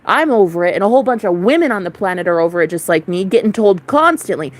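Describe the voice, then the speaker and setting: A woman's voice: on the low side, sing-song, fast talker, few pauses. A young woman vlogger ranting to camera in a casual spiritual monologue, blunt, defiant and full of swearing.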